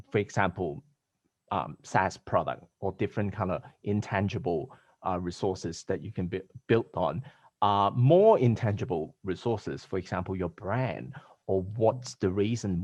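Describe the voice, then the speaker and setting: A man's voice: low-pitched, a little mellow, no room sound. A man hosting a podcast in casual conversation over a video call, talking in a rambling, hesitant way with many restarts. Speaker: podcast host.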